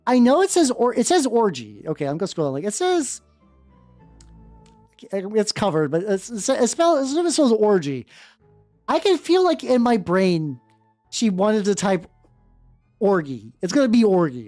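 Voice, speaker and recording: A woman streamer reads aloud in a rambling, giggly manner, stumbling and restarting her sentences. Her voice sits low, yet it swings up and down with a lot of life. It is dry and close, with soft background music underneath. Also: big pitch swings, slow, pauses often, no echo. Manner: rambling, self-interrupting, giggly. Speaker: VTuber streamer. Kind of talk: casual live-stream reading aloud. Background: faint background music.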